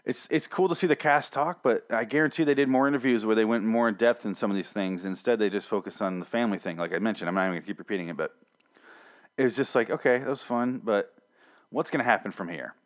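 A man with a somewhat low voice talks through a TV special in a loose, offhand way. He is blunt, swears casually and often trips over and repeats his words. When he quotes someone, his voice jumps up in pitch. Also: fast. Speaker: TV show reviewer. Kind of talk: casual spoken review.

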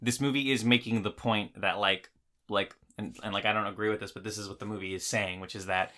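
A man's voice: lowish voice, fairly even intonation, a little fast, bright, forceful tone. A man in a casual film discussion, picking a movie apart with sarcasm and plenty of fillers. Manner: critical, sarcastic, many fillers and restarts. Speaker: podcast co-host.

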